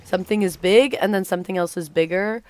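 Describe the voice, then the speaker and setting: With a mid-range voice, a darkish tone, and a quick pace, a young woman livestreams a game while rambling through a story. Her talk is packed with fillers and casual swearing.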